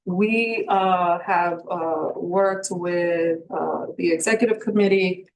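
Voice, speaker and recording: A woman's voice: on the low side, slow, roomy sound, slight background noise, low-quality recording. A woman school superintendent presents to a board meeting, explaining plans with frequent ums and uhs.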